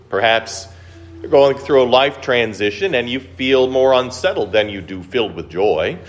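Male pastor, lower voice, very animated intonation, chatty sermon style with rhetorical questions. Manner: animated, rising high for quoted voices and dropping low and soft for serious points.

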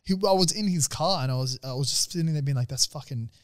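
A young man talks fast and excitably, with a slightly raised voice. He swears often in a loose co-host banter. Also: fairly high pitch, clean tone. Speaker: podcast co-host. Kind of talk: casual chat.

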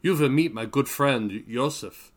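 A man's voice: mid-range voice, expressive, measured pace, natural voice. A man voicing a young woman, teasing and lightly formal in an audiobook reading.

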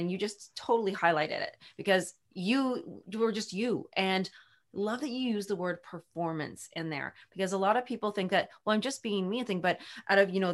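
Woman podcast host, gushy and effusive, middle pitch, long rambly questions. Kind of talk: casual podcast interview.

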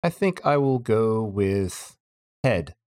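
A man's voice: lowish voice, animated, slow, a little mellow. Analytical man podcast co-host. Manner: thoughtful, analytical. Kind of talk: casual chat.

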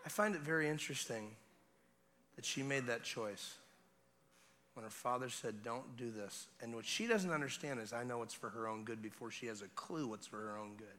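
A young man preaching at a revival, his voice bright and forceful. He tells a family story in a conversational way, drops to quiet murmurs, then climbs to loud, fervent declarations. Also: medium pitch, brisk. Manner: animated, building from hushed to shouting. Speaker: guest preacher.

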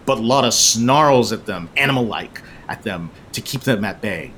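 A man's voice: lowish voice, lively intonation, normal speed, few pauses, fairly bright tone, slight background noise. A man hosting a podcast, recapping a movie in a casual, sarcastic, joking way with frequent swearing. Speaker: podcast host.

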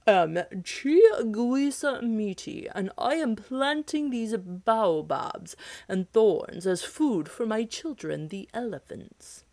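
A woman voicing a towering male giant who plants forests, speaking slowly and grandly. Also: on the high side, animated, darkish tone, no echo, clean studio sound. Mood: stately.

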